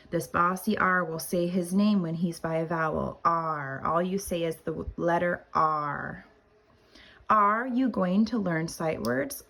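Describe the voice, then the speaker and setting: Slow, gravelly-voiced kindergarten teacher. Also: female voice, lowish voice, a bit bright. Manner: spells words letter by letter, drawn-out and deliberate. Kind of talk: slow spelling lesson for young children.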